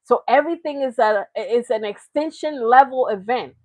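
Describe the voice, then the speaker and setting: A woman's voice: on the high side, moderate pace, darkish tone, no room sound. A woman hosting a reaction channel, talking in casual, chatty commentary with frequent laughs. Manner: chatty, laughing, slips into mocking impressions.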